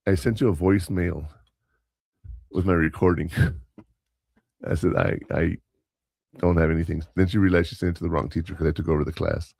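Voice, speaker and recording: Low gravelly male podcast co-host, rambling anecdotal storyteller, dry close sound, casual chat. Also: a little mellow, no echo. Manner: rambling, anecdotal, with self-corrections and quoted dialogue. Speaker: podcast co-host and substitute teacher.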